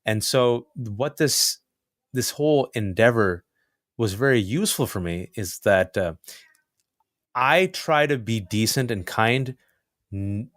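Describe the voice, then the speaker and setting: Man, podcast guest, animated and jokey, quick bursts, lively pitch, dry close sound. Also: no room sound. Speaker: writer and guest. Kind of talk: casual storytelling interview.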